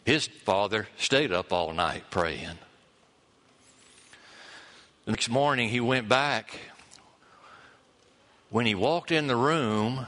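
A man preaching a sermon, telling a story in halting phrases and repeating words for emphasis. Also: mid-range voice, pushed and bright, big-room sound.

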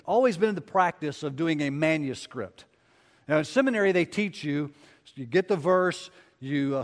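A middle-aged man, preaching a sermon in a folksy, rambling, self-deprecating way, recorded in a church sanctuary. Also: on the high side. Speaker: pastor. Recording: long reverb of a church hall.

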